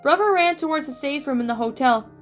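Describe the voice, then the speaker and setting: A woman reading her own fan fiction story aloud, haltingly, with restarts. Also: sits high, animated. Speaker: story reader. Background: faint music.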